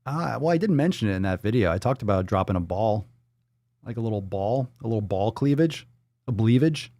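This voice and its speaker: A man's voice: lowish voice, animated, brisk, mellow, no room sound. Profane joking male livestream host. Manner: joking, profane and riffing off-the-cuff. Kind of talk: casual livestream chat, reading viewer donations.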